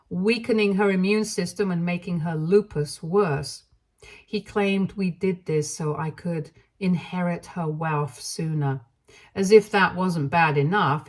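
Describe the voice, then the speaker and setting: A woman reading a first-person story aloud in an even, measured narration style. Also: fairly low pitch.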